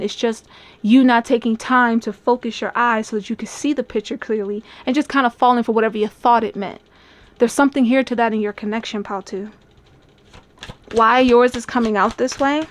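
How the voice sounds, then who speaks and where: A woman's voice: on the high side, no room sound. A woman giving a tarot love reading in a chatty, musing way, often laughing and acting out people's thoughts. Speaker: tarot reader. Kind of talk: channeled tarot reading to camera.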